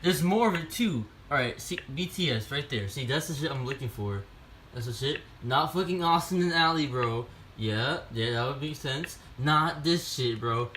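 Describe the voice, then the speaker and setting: A young man vlogging alone at home, crude and swearing, going from mumbling to loud outbursts. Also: mid-range voice, lively intonation, moderate pace, a little hiss or hum. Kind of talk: casual solo vlog. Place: home room.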